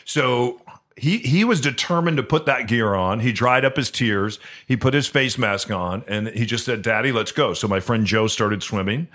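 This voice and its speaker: A man co-hosting a podcast who tells a personal story in earnest, halting speech full of restarts. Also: medium pitch, a bit bright. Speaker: podcast co-host. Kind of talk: storytelling in casual chat.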